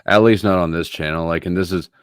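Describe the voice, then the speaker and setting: Very deep-voiced man hosting a live panel. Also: fairly even intonation, quick pace, smooth, no echo. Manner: offhand, joking, explains plainly. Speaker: host. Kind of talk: casual live panel chat.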